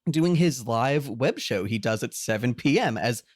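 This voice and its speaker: A podcast co-host recapping a TV episode in casual chat, animated, swearing freely and laughing often. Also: medium pitch, normal speed, no echo, clean studio sound.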